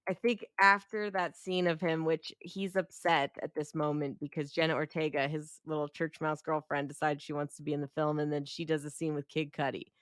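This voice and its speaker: A woman's voice: sits low, flat delivery, fairly quick, few pauses, no echo, clean studio sound. A young woman co-hosting a casual movie review podcast, chatty and swearing freely while retelling scenes. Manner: chatty, swears freely, acts out characters' lines. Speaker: podcast co-host.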